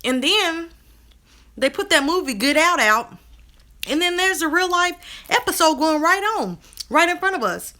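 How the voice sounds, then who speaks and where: A woman, talking to her viewers in a casual live stream, animated and drawling. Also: very high-pitched, moderate pace. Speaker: co-host of a live video chat. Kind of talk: casual live-stream chat reading comments.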